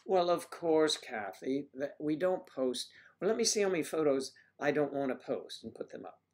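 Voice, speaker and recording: A man's voice: on the high side, lively intonation, moderate pace, a little mellow. A man hosting a casual livestream, rambling and joking as he answers viewers' comments. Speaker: livestream host.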